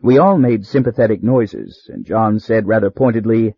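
A husky-voiced man reads a story aloud in a measured, wry manner. His pitch sits in the middle range. The recording is dry and close, with slightly muffled highs. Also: no echo. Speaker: audiobook narrator. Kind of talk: scripted story narration.

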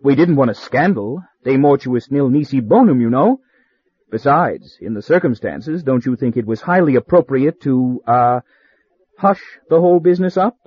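A man voicing an urbane speaker who talks in a smooth, confiding way in a story reading, on a slightly dull, dry recording. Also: mid-range voice, lively intonation, normal speed, no room sound.

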